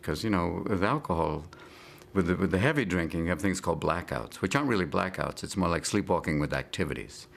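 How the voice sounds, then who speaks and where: A man being interviewed, riffing manically and jumping between put-on voices and shouts. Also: sits low, lively intonation, quick pace, creaky, a little hiss or hum. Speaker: comedian interviewee.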